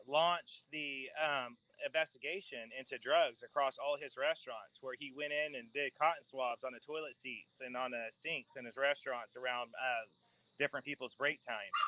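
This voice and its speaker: A man's voice: mid-range voice, steady tone, moderate pace, pushed and bright, rough recording. A man hosting a casual podcast chat, telling long rambling stories with laughs mixed in. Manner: rambling storyteller, laughs mid-sentence. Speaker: podcast host.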